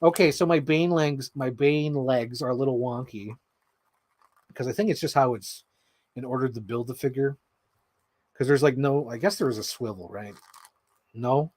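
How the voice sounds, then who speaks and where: A man chatting casually while building an action figure, rambling and excitable, swearing freely and acting out quotes. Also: medium pitch, moderate pace, pauses often, dry recording. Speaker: toy unboxing vlogger.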